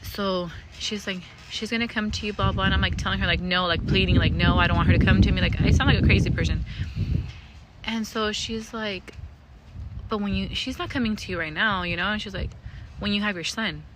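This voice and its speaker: A woman's voice: mid-range voice, brisk, heavy background noise. A young woman telling a personal ghost story in a casual, rambling way, swearing often and using lots of fillers. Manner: rambling, profane, full of fillers.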